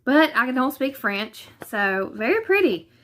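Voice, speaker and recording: A chatty woman with a Southern US accent, her voice sitting a little high as she talks through an unboxing. She thinks aloud and restarts her sentences often. It sounds like a simple home setup in a living room. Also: big pitch swings, unhurried, a bit bright. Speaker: vlogger. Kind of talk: casual unboxing chat.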